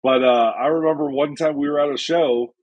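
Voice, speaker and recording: Husky man on a dull, dry line. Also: on the high side, steady tone, brisk, a little mellow. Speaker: podcast co-host. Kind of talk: casual chat.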